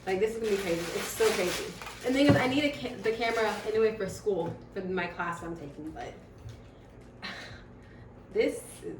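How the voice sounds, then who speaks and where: A woman vlogger unboxes new gear at home, gushing excitedly and laughing a lot as she shows it off. Her mid-range voice moves fairly quickly, recorded from a distance in an echoey, noisy room.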